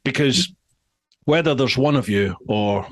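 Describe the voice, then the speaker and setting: A man's voice: medium pitch, unhurried. Chatty Scottish man telling stories. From Scotland. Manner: animated storyteller, laughs often. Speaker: podcast host. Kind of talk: casual chat.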